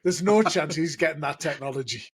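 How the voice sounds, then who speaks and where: Husky jokey host. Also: male voice, fairly high pitch, a little fast. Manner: jokey, laughs often. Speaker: podcast co-host. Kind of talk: casual chat.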